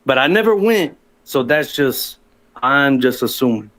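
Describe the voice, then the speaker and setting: A man's voice: mid-range voice, animated, a little slow, fairly bright tone. A man telling his own story as a guest on a livestream, rambling and profane, with frequent restarts.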